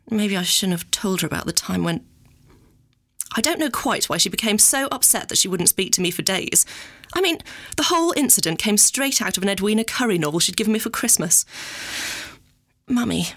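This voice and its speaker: A woman with a gravelly catch in her voice, performing a comic monologue. She rambles archly, circling her point and correcting herself as she goes. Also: medium pitch, animated, fairly quick, fairly bright tone. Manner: rambling, arch and self-correcting.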